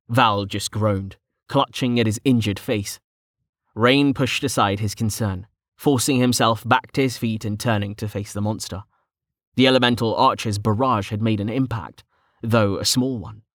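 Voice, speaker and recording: A man narrating a fantasy audiobook in steady storytelling. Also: on the low side, unhurried, dry recording, clean studio sound.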